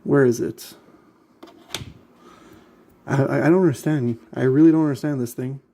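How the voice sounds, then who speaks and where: A man's voice: medium pitch, steady tone, normal speed, dark tone. Exasperated man muttering through a build. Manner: exasperated, muttering, repeating himself. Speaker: vlogger building a model kit. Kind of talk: casual talk while assembling.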